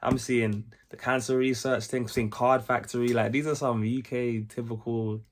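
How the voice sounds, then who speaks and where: Excitable young British man chatting. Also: medium pitch, moderate pace, a little hiss or hum. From United Kingdom. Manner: excitable, chatty, repeats himself with restarts. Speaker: reaction video host. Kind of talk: casual reaction commentary. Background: faint music from the video he is reacting to.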